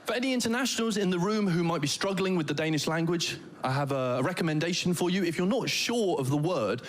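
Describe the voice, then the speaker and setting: A man's voice: high-pitched, lively intonation, fast talker, few pauses, slight background noise. A man doing a stand-up comedy set with a wry, playful, mock-posh delivery, recorded on stage.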